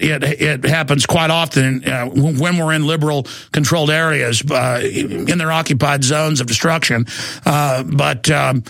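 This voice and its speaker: Middle-aged talk radio guy ranting, trips over his words a lot, kinda high voice, dry close sound. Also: vocal fry, a bit bright, no room sound. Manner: ranting, stammers and repeats words. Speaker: radio talk show host. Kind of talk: heated talk radio monologue.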